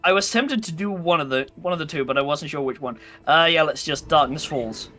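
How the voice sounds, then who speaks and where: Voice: medium pitch, brisk, fairly bright tone. A stream host reading game event text aloud and thinking aloud while playing a card game with friends, with faint music behind.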